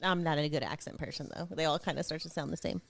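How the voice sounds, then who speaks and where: A woman's voice: deep voice, fast talker, gravelly. A woman co-hosting a casual podcast, chatty and teasing as she reacts to a wrestling show. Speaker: podcast co-host. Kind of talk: casual chat watching wrestling.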